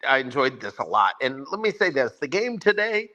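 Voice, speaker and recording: A man hosting a casual sports chat, talking in an emphatic, excitable way. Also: mid-range voice, fairly quick, lo-fi sound. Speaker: sports podcast host.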